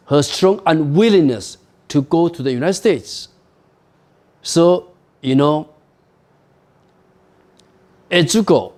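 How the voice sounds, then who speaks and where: A man lecturing on a novel at a university, explaining slowly with frequent "you know" and "okay?" asides. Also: on the high side, darkish tone.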